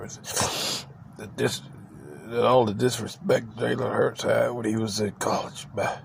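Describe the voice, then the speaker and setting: A man's voice: medium pitch, flat delivery, takes it slowly, gravelly, a little hiss or hum. A man hosting his own channel, ranting emotionally about football, emphatic and repetitive, tagging "man" onto his sentences. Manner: openly emotional, says he cries on camera. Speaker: channel host. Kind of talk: ranting football reaction vlog.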